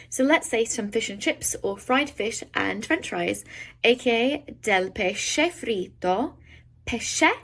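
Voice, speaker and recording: A young woman with a somewhat high voice teaches a beginner Italian lesson. She explains in English and slows right down to sound out each Italian word. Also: fairly bright tone, poor audio. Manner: slow careful pronunciation of foreign words.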